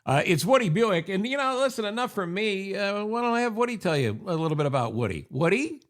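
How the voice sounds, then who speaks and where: An older podcast host from upstate New York delivers a chatty, wry casual monologue from his home office, peppered with sarcastic asides. His voice sits high, swings widely in pitch and moves a little fast.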